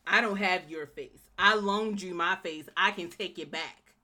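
A woman co-hosting a casual show recap, emphatic and animated, often acting out the scenes. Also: fairly low pitch, unhurried. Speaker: podcast co-host.

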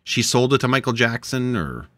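A young man co-hosting a podcast, teasing and animated, his pitch swooping widely. The tone is bright and forward, and the recording sounds dry and close on a podcast mic. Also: moderate pace, no room sound. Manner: playful, teasing, animated delivery. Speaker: podcast co-host. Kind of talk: casual podcast banter.

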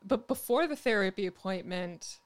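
A woman's voice: medium pitch, expressive, normal speed. A young woman co-hosting a casual podcast chat, telling stories and acting out the lines she quotes, often laughing. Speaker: podcast co-host.

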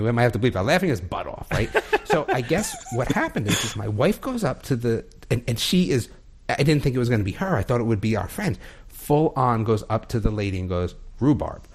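A man's voice: mid-range voice, breathy edge. A man on a casual podcast telling a story with lots of energy, acting out the voices of the people in it and laughing often.

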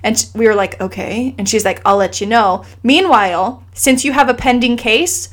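A woman's voice: a little high, normal speed. A woman in her thirties, a guest telling a personal story in casual conversation, earnest and emotional, acting out what others said. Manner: animated, quotes others in lively asides.

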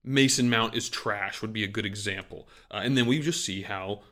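On a casual sports podcast, this co-host rambles through the chat, poking fun at himself and leaning on fillers. He speaks at a normal speed in a voice on the low side, with a bright, forceful tone.

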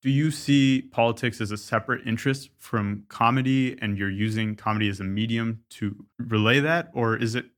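A man's voice: medium pitch, normal speed, few pauses, fairly bright tone. A man interviewing a guest, asking thoughtful questions and hedging his points. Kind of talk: casual interview conversation.

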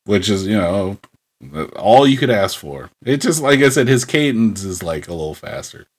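Animated man in casual chat. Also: on the low side, normal speed. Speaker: podcast co-host.

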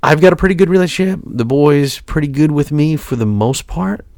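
Middle-aged guy, stuffy congested voice, swoops up and down a lot, gravelly, chatty and rambly. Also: on the high side, a little fast, no echo. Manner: rambling, animated storytelling with many fillers. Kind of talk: casual chat.

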